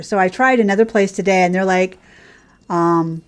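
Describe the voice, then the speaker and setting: A woman's voice: medium pitch, a little fast, darkish tone. A woman hosting casual gameplay commentary, chatting in a rambling way and cooing at the horses on screen. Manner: chatty and rambling, coos at her horses, laughs often. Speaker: gaming channel host.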